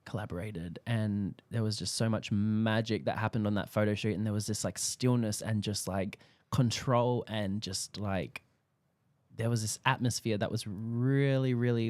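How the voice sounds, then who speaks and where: A man's voice: lowish voice, a little mellow, no echo. A young Australian man talking as an interview guest, telling stories with lots of fillers, acting out quoted dialogue and laughing often. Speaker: guest photographer. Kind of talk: casual interview chat.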